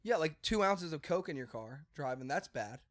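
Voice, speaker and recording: A man with a slightly raised voice banters on a comedy podcast. He curses casually and laughs often. He cuts in with quick reactions to his co-host. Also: fairly high pitch, lively intonation.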